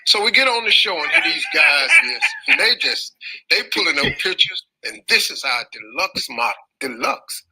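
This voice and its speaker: A man's voice: high voice, animated, moderate pace, vocal fry, bright, forceful tone, husky, rough recording. A man, a comedian, telling an exaggerated, joking story in a clip played during the stream. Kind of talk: comic storytelling.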